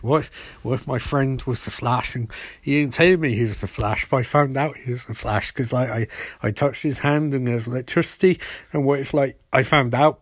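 A man reviewing a TV episode in a casual vlog. He rambles, repeats himself and fills his talk with "like" and "um". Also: medium pitch. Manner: rambling, filler-heavy, repetitive.

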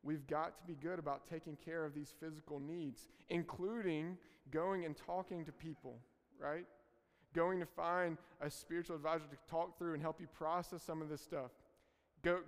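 A man's voice: fairly high pitch, fairly even intonation, moderate pace, long reverb tail. A man preaching a sermon to a congregation, earnest and direct in his address. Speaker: pastor.

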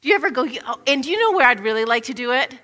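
A woman giving an expressive Bible teaching, acting out the scenes she describes. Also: high voice, very fast, big-room sound. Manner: expressive, acts out scenes in quoted voices.

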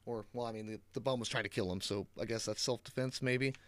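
A man rambles through a casual movie recap, swearing freely and sarcastic as he goes. The mic is close and the sound is dry, with no room echo at all. His pitch sits at an ordinary middle for a man. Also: fairly even intonation, fast, a bit bright. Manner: rambling, profane, sarcastic, many fillers. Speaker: movie reviewer.

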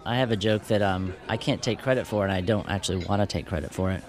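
Low-voiced musician telling a tour joke. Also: male voice, fast talker. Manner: casual, relaxed storytelling. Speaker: musician guest.

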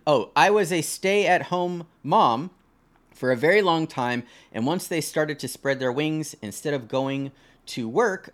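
A young man co-hosting a casual podcast, reading online posts aloud and reacting with swearing and jokes. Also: fairly high pitch. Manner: animated, swears freely, laughs and jokes about the posts. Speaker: podcast co-host.

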